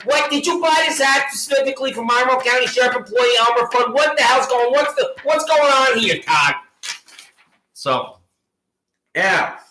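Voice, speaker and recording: A man's voice: very high voice, lively intonation, normal speed, pushed and bright, roomy sound, a little hiss or hum, rough recording. A man delivering a mocking, badgering monologue at a sheriff, repeating taunting questions. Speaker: local gadfly taunting a sheriff. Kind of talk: ranting monologue addressed to a sheriff.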